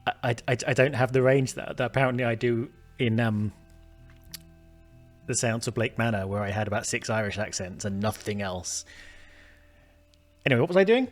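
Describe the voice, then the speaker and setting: Over soft background music, a man hosting a gaming video narrates his run through a detective game in a casual let's-play way. His voice is medium-pitched at a normal speed with long pauses, and he muses aloud, full of fillers and restarts, chatty and self-deprecating.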